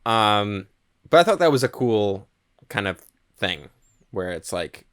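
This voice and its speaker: Low-voiced man chatting casually. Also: slow pace, smooth. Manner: relaxed, hedging with "like" and "um". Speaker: podcast co-host. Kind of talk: casual film history chat.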